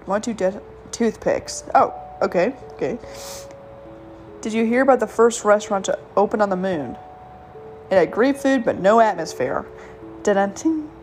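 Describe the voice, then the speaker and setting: A woman's voice: mid-range voice, animated, normal speed, a little mellow. Woman, casual podcast host, reads jokes, giggly, trips over punchlines, faint music underneath. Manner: giggly, stumbles over punchlines, self-commenting. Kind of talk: casual solo podcast, reading jokes aloud.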